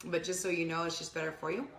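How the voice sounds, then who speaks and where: A woman's voice: on the low side, fairly even intonation, fast talker, creaky, a bit bright, reverberant. A middle-aged woman co-hosting a casual cooking vlog, chatty and giggly, sometimes talking with her mouth full. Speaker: co-host. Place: home kitchen.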